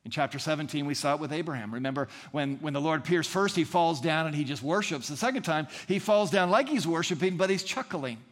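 A male pastor delivers an earnest sermon, stacking repeated phrases to drive each point home. His voice sits slightly higher than most men's. The sound carries the long, lingering reverb of a large church hall. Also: fast talker, hardly any pauses.

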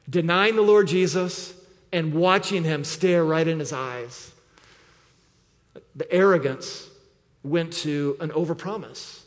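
Earnest preaching man in a reverberant hall. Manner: earnest preaching, drops low and quiet for emphasis. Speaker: pastor. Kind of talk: sermon.

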